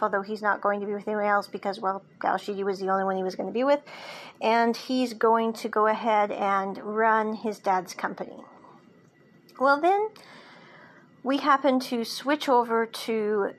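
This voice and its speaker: Casual woman drama recapper, higher voice, light hiss in the background, animated and chatty. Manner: chatty, animated storytelling with quoted lines.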